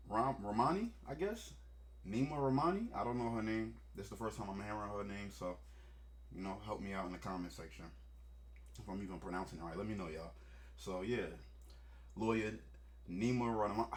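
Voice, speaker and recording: Blunt, joking man reacting to clips. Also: on the low side. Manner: blunt, joking, profane asides. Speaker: commentary host. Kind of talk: casual reaction commentary.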